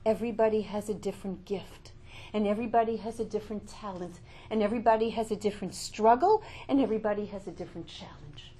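A woman's voice: medium pitch, fast, dark tone, husky. Older woman giving an emphatic inspirational talk. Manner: emphatic, repetitive rhetorical questions. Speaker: inspirational speaker.

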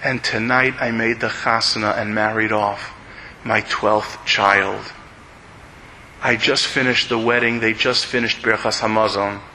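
A man voicing a grateful father from Jerusalem who speaks softly, slowly and tearfully. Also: fairly low pitch, steady tone, a little hiss or hum, exaggerated voice, low-quality recording. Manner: soft, slow, tearful. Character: grateful Jerusalem father of twelve, weeping quietly.

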